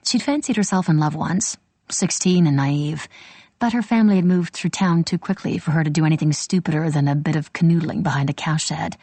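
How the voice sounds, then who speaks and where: A woman narrates an audiobook in a measured, storytelling way. Her voice sits low, with a gravelly, husky texture, and the recording is dry and close. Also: a little mellow, no echo. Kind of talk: scripted narration.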